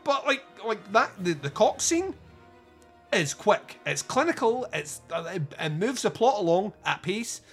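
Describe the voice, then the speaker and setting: A man's voice: high voice, fairly bright tone, husky. A man co-hosting a podcast, chatting casually about films, rambling and swearing with many restarts. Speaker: podcast co-host. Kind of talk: casual film review chat.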